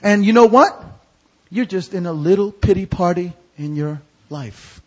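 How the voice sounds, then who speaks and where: A male pastor preaching an evangelical sermon in a church sanctuary. He quizzes the congregation with fill-in-the-blank questions and swings from hushed to shouted. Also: high voice, animated, a little slow, poor audio.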